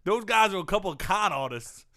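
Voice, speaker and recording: A man's voice: high-pitched, lively intonation, brisk, pushed and bright. A man in a comedy sketch impersonating a football quarterback who talks in a put-on Cajun drawl as a swamp tour guide, rambling and folksy. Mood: hammy.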